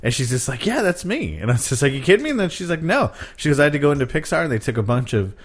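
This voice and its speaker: A man in casual conversation, telling a lively anecdote and acting out the quoted lines. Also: mid-range voice, rapid-fire. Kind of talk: casual chat.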